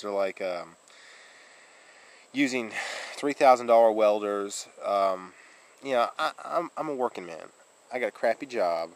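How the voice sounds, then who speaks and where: A man's voice: fairly low pitch, animated, a little slow, long pauses, low-quality recording. A man vlogging casually, rambling through a story with fillers, restarts and laughs.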